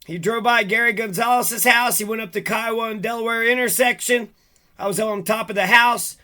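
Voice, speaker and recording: A man's voice: extremely high pitch, steady tone, a little fast, pushed and bright. A man talking alone to his audience in an agitated, rambling, heavily profane rant. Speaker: vlogger. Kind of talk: monologue to camera.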